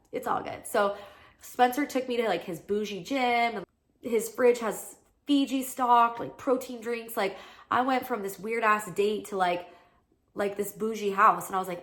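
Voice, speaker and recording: A woman's voice: on the high side, normal speed, fairly bright tone. Chatty woman podcast host, storytelling. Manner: chatty, peppered with "like", acts out quoted lines. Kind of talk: casual storytelling monologue.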